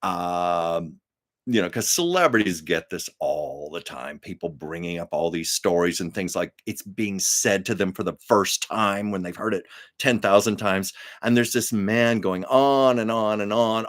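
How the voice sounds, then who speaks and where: A man's voice: sits low, unhurried. An older man hosting a live stream, telling rambling stories in a chatty, casual way with frequent fillers.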